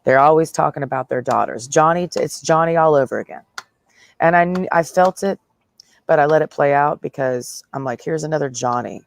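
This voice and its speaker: A woman's voice: deep voice, brisk, vocal fry. A woman livestreaming a blunt, profane, sarcastic rant, talking straight at her listeners. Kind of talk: ranting livestream monologue.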